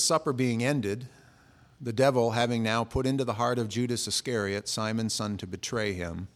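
A man's voice: mid-range voice, fairly bright tone. A middle-aged man preaching a sermon in a conversational, storytelling way, acting out the voices he quotes. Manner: conversational, acts out quoted voices, frequent restarts. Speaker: pastor.

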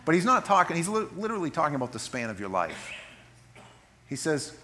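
A man preaching a sermon in an animated, folksy way, reading scripture slowly and solemnly between joking asides. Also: a little high. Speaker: pastor.

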